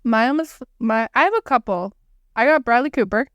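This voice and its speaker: A woman's voice: fairly high pitch, lively intonation, brisk, no echo. A young woman co-hosting a podcast, chatting playfully and reading out list items. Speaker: podcast co-host. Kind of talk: casual chat.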